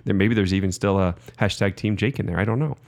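A man's voice: on the low side, fast, gravelly, background noise. A man casually bantering as a returning guest on a podcast, joking and slipping into silly voices.

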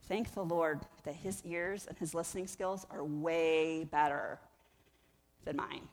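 A woman's voice: low-pitched, fairly even intonation, takes it slowly. Woman pastor preaching in a reverberant hall. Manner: conversational and emphatic, rising and falling in intensity. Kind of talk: sermon.

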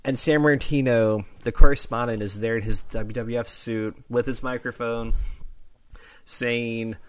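A man's voice: mid-range voice, fairly even intonation, a little slow. A man co-hosting a podcast, retelling old wrestling moments in casual chat, enthusiastic and full of "like". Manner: enthusiastic, fillers like "like". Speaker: podcast co-host.

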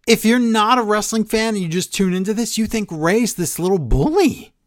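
A man co-hosting a podcast, chiming in on a wrestling recap with quick reactions and wry agreement. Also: high voice, expressive. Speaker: podcast co-host. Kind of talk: casual wrestling recap chat.

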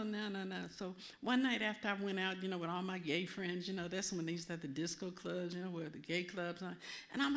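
An older woman minister preaching, telling a personal testimony in a lively, storytelling way with many asides. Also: medium pitch, gravelly. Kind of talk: testimony sermon.

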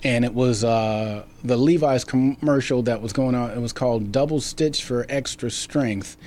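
This actor guest has a mid-range, slightly mellow voice and speaks at a moderate pace. Interviewed about his acting career, he tells stories in a casual, rambling way full of fillers and restarts.

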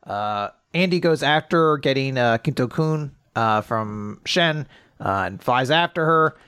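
A man's voice: medium pitch, expressive, unhurried, a bit bright, smooth, no echo, studio quality. A man co-hosting a podcast, casually recapping a story with many fillers. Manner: rambling, full of fillers and laughs. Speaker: podcast co-host.

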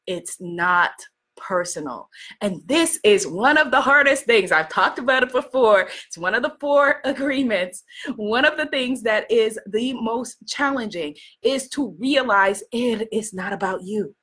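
A woman from New York giving a casual motivational talk to a live audience, animated and laughing often, greeting viewers by name. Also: on the high side, measured pace, slightly rough. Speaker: livestream host.

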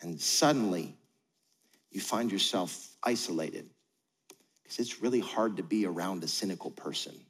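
Pastor preaching in a reverberant hall. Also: male voice, sits low, lively intonation, normal speed, fairly bright tone, slightly rough. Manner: conversational, acts out quoted voices. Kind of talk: sermon. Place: church auditorium.

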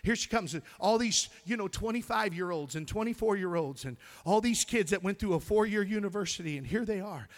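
A middle-aged preacher with a notably high voice delivers his sermon with fervor. He sings lines of a song, laughs along with his congregation and calls back to them. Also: lively intonation, brisk, hardly any pauses. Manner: loud, preachy call-and-response with singing and laughter. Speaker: pastor.

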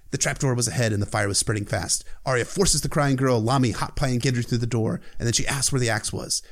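A man hosts a podcast and recaps a book chapter in a loose, conversational way. He talks in a mid-range pitch and drops profane, irreverent asides as he goes.

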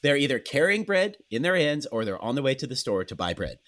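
A Canadian man chatting casually as a podcast co-host, telling animated stories with swearing and acted-out voices. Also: mid-range voice, brisk. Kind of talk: casual chat.

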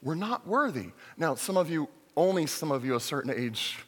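A man preaching a sermon as a pastor, lively and joking, with acted-out quotes. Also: fairly high pitch, normal speed, slightly rough, in a large hall.

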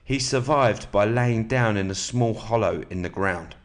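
A man with a slightly sore throat, hosting a podcast in a relaxed, matey way and reading aloud from a book at an even, measured pace. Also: on the low side. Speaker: podcast host.

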